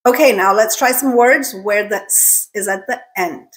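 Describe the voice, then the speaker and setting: A woman's voice: mid-range voice, normal speed, hardly any pauses, a bit bright. A woman teaching English pronunciation, carefully modeling each word three times for learners to repeat. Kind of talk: pronunciation lesson with repeat-after-me drills.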